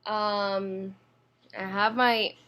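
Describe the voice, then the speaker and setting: A woman's voice: medium pitch, little pitch movement, very slow, pushed and bright, clean tone. A young Swiss woman with a Swiss accent, chatting casually to camera from her apartment, rambling with fillers and restarts, recorded on a computer mic. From Switzerland. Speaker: vlogger. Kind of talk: casual vlog talking to camera. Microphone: built-in computer mic.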